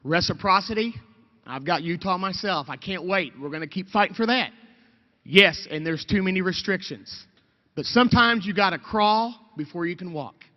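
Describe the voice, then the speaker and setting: A man's voice: high-pitched, normal speed. A man giving an emotional, fervent rally speech as a state representative, calling out to the crowd. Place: outdoor rally, large reverberant space. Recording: dull lo-fi sound with long reverb.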